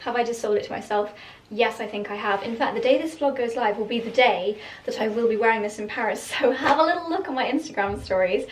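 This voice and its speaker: A chatty young woman muses aloud about outfits, laughing often. Her voice sits a touch high and bounces off the walls of the room, with a faint hiss under it. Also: quick pace, recorded from a distance. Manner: chatty, giggly, thinking aloud. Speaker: fashion vlogger. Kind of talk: casual vlog chat. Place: room at home, trying on clothes. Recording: echoey room, voice from off-mic.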